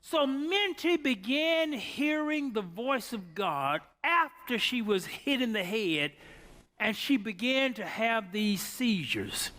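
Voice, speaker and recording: Male preacher, unhurried, lively swings from hush to shout. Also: very high-pitched. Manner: folksy storytelling preacher, building from soft to shouted. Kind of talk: sermon.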